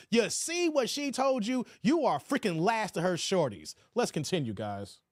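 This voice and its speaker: A man's voice: high voice, big pitch swings, a little slow. A man hosting a livestream, reacting to a video and talking to his chat in slang with mocking asides.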